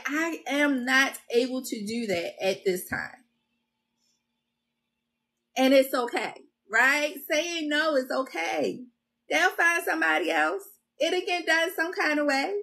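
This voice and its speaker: A woman's voice: high voice, a bit bright. A woman hosting a self-care video, giving an encouraging talk with a repetitive, preacher-like cadence and addressing her viewers as y'all. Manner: casual and conversational with confessional asides. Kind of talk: motivational self-help talk.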